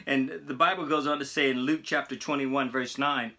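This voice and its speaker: A man preaching a short encouraging sermon as a pastor, slow and deliberate, stretching his phrases. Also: medium pitch, fairly even intonation, pushed and bright. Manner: earnest, encouraging.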